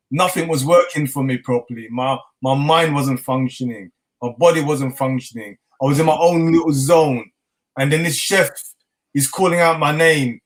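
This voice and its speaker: A middle-aged chef with a London accent tells his story as an interview guest, speaking at normal speed in a fairly high voice. He's animated, acts out the dialogue, and laughs often throughout the casual interview.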